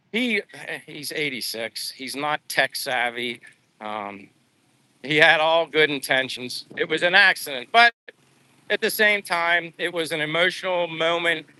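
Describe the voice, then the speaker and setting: Bright-toned middle-aged man, emotional rambling. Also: on the high side. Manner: emotional, rambling, with many restarts. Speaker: vlogger. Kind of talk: casual live-stream storytelling.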